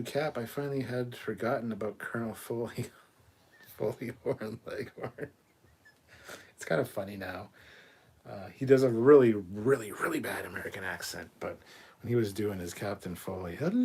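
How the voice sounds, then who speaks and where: A man with a husky, somewhat low voice hosts a relaxed live show. He reads out viewer comments one after another and answers each with blunt, swearing asides. His delivery is loose and off the cuff. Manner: blunt and profane, with quick asides. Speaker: livestream host. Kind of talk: casual live chat, reading viewer comments aloud.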